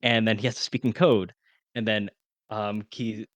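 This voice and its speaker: A young man co-hosting a podcast, chatting casually about an old film, talking fast with lots of fillers. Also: lowish voice, level tone, no room sound, muffled recording. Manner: fast, rambling with many fillers. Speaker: podcast co-host. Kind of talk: casual film-review chat.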